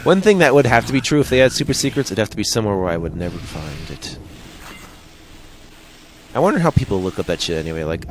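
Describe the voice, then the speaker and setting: A man with a Midwestern American accent talks over his gameplay in a loose, rambling way, drifting from joke to tangent. His voice sits fairly low. A faint hum sits under him. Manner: rambling, jokey, wanders off on tangents. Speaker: let's play host. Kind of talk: casual gameplay commentary.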